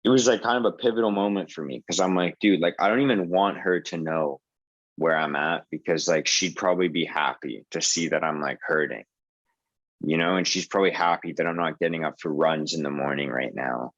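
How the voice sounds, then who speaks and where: A man's voice: extremely low pitch, fairly quick, a bit bright, dry recording, dull audio. A man in his twenties telling a story over a video call in a casual, rambling way, full of swearing and filler words. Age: 20s. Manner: rambling, profane, lots of "like" and "dude". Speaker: support group host.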